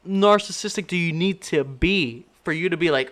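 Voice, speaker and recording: A man's voice: on the high side, normal speed, few pauses, a bit bright. A man giving a casual, exasperated movie critique, rambling and incredulous with many restarts. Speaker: movie reviewer.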